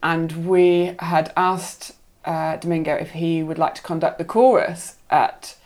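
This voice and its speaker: A young woman guest chatting casually, telling an animated story and laughing often. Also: deep voice, measured pace. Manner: animated, laughing often, acts out quoted voices.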